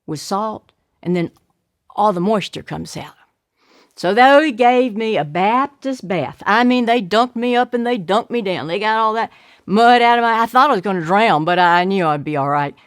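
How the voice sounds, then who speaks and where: An older woman telling a childhood story, acting out the shouts and voices of her family. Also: mid-range voice, no room sound, clean studio sound.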